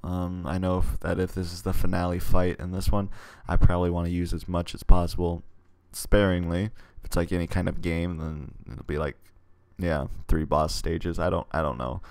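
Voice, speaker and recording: A man with a very deep, gravelly voice reads a text adventure aloud and muses over his stats between passages. He rambles and hesitates in his asides. The desk mic sounds dry and close. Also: flat delivery, normal speed, a little mellow, no echo. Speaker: gamer reading a text game aloud. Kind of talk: casual let's play commentary and reading.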